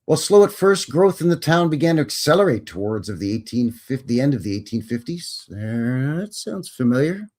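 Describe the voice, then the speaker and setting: A Canadian man hosts a casual livestream. He reads history passages aloud, then breaks off into folksy, wry asides, sprinkling in "bud" and "eh." His voice sits at an ordinary middle pitch. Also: very animated, fairly quick, hardly any pauses, darkish tone. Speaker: livestream host. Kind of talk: casual commentary reading aloud.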